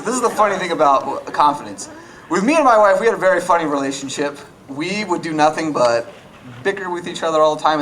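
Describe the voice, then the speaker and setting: A man's voice: fairly high pitch, fairly bright tone, a little hiss or hum, poor audio. A young man doing a stand-up comedy set, acting out both sides of arguments with his wife. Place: comedy club stage. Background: audience laughter.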